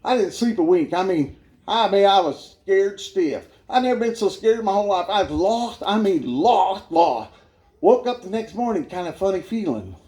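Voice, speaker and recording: A man tells a humorous story from his own life as a church testimony. He sounds animated, laughs along with his own tale, and his fairly high voice swings widely in pitch. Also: a little fast. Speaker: guest speaker giving his testimony.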